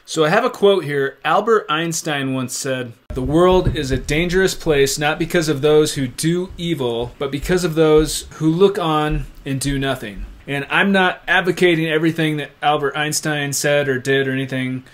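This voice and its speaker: A man's voice: a little high, normal speed, hardly any pauses. A man hosting an interview, asking thoughtful, rambling questions. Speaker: interview host. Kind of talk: conversational interview.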